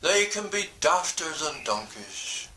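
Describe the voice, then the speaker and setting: Man reading a kids story, slow n warm, bright tone, lots of ups n downs. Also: on the high side, very animated, slight background noise. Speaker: storyteller, minister.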